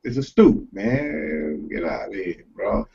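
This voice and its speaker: A man's voice: mid-range voice, slow, vocal fry, muffled recording, a crowd in the background. Streetwise New York man saying "bro". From Queens, New York. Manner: streetwise, animated, peppers talk with "bro". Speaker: podcast co-host. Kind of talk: casual chat.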